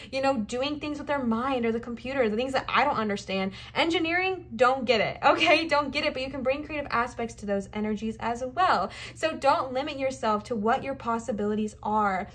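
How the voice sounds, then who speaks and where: A young woman from the Southern United States doing a casual tarot reading to camera, chatty and emphatic, piling on encouragement with quick asides. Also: high-pitched. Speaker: tarot card reader.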